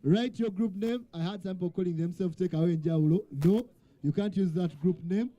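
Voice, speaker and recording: Hosting a live quiz night at a venue full of people, a man calls out to the crowd and trades jokes with the teams. His voice sits high and warm, moving at normal speed, and the sound quality is lo-fi.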